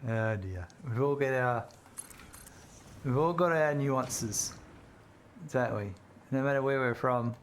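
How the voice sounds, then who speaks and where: A man's voice: medium pitch, takes it slowly, pauses often, slight background noise. A man chatting casually with viewers while streaming a video game, reading chat aloud and laughing easily.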